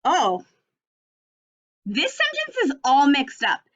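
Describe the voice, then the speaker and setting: Woman, early-grade teacher on a video lesson; slow, clear and encouraging, bright tone. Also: a little high, lively intonation. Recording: slightly dull lo-fi audio.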